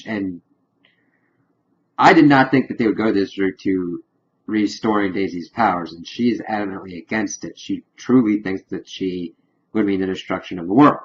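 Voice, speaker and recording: Recorded with the highs cut off, a man with a low voice gives an excitable, rambling spoiler review of a TV episode. He casually walks through scenes, quickly paraphrasing what characters say.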